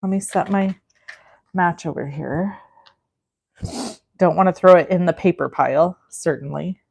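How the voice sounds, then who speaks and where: A woman's voice: fairly low pitch, unhurried, creaky, darkish tone. A woman in her forties hosting a live crafting demo, talking in a chatty, rambling, self-deprecating way. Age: 40s. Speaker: craft livestream host.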